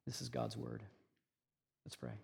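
A man's voice: medium pitch, very animated, measured pace, creaky, darkish tone. A male pastor giving a sermon in a conversational way, full of chatty asides and fillers. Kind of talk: sermon with personal anecdote.

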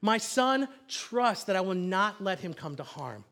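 A high-pitched man in his thirties delivers a pastor's sermon. He tells stories with animation, dropping to a hush and then rising loud again. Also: measured pace, gravelly. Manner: animated storytelling, swinging from hushed to loud.

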